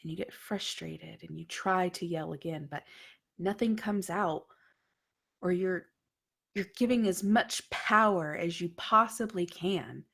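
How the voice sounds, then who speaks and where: A woman narrating a tabletop horror game as game master, often dropping to a hushed whisper. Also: fairly low pitch, unhurried, gravelly, husky. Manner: hushed, dreamy storytelling that drops to whispers.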